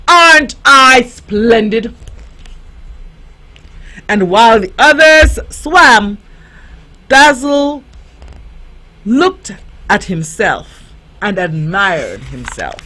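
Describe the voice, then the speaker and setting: Slow, lively woman reading a storybook. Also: high voice. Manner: slow, expressive read-aloud with lively voices. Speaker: youth radio host.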